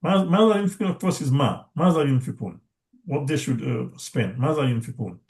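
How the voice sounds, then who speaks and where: A man teaching a language class online in a halting way, often checking in with "right?" and quickly chanting verses. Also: mid-range voice, expressive, darkish tone.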